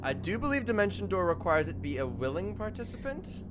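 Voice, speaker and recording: A man's voice: high voice, sing-song, a little fast, fairly bright tone, a little hiss or hum. A man narrating as game master for a tabletop game, explaining rules and laughing often. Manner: rules-explaining, laughing, calls out auction bids.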